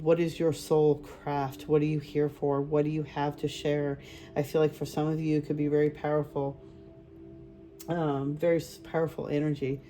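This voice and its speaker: Woman, spiritual medium, casual card reading, mellow voice, rambling with fillers. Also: low voice. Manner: rambling, thinks aloud, many fillers.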